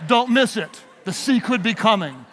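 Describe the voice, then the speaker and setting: A man's voice: high-pitched, animated, moderate pace, fairly bright tone, slight background noise. A man preaching a leadership sermon, leading his audience in call-and-response. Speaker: pastor. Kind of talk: sermon-style leadership talk. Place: large hall with live audience. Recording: long hall reverb.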